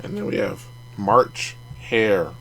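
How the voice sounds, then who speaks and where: Slow and fairly low-pitched, this man's voice swings hugely in pitch and carries a bright, forceful tone. Running a casual card review vlog for his collecting channel, he chats freely, adds jokey asides, and laughs at his own lines.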